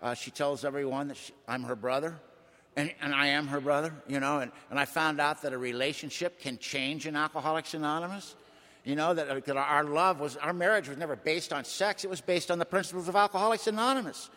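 An older man speaks at a recovery meeting in an echoey hall, giving a personal testimony. His voice is a little high, fairly quick, bright and forceful, and his folksy, colloquial talk swells with emotion.

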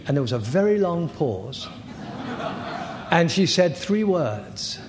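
An older man in his sixties giving personal testimony as a recovery meeting speaker, halting, candid and self-deprecating. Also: a little high, big pitch swings. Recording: echoey hall with faint noise.

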